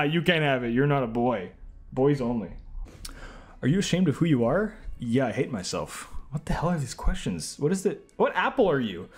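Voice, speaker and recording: A man's voice: mid-range voice, a little mellow. A young man streaming himself taking online quizzes, reacting with sarcastic, incredulous commentary and laughing asides.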